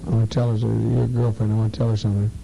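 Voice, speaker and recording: A man leading a program and addressing a group informally, halting and repeating words for emphasis. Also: lowish voice, completely flat delivery, vocal fry, background noise.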